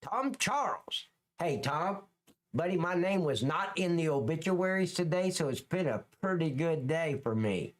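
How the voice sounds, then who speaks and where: A man's voice: fairly high pitch, expressive, moderate pace. A middle-aged man hosting a live stream, chatting casually with viewers in a joking, crude, rambling way. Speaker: livestream host.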